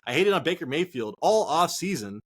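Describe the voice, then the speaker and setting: Excitable man, swearing casual chat. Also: on the high side, fairly quick. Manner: excitable, swears a lot, says "dude" and "man". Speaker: podcast host.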